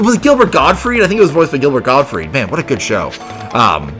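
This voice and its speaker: Chatty excitable guy doing game commentary, voice bouncing around a lot, soft music behind. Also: mid-range voice, brisk. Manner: chatty, excitable, reads game dialogue aloud. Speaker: gaming video host. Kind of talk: casual let's play commentary.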